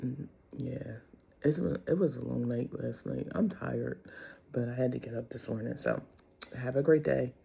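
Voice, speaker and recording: Husky gravelly middle-aged woman vlogger. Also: very deep voice, moderate pace, warm tone. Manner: candid and rambling, with frequent laughs. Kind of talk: casual faith talk.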